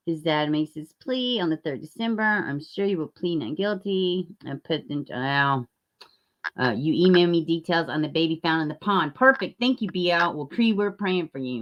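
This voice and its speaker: Woman, somewhat low pitch, hosting a true crime livestream: blunt, profane, chatty with her viewers. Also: normal speed, dull audio. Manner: blunt and profane, rising to heated outbursts. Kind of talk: casual livestream chat reading viewer comments.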